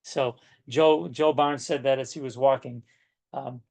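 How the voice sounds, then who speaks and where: Older male coach, sixties, folksy and emphatic, mid-pitched, talks to his class over a video call. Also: steady tone, a little slow, vocal fry, darkish tone. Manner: folksy, emphatic, often asks "right?". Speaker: real estate coach. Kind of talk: coaching session talk.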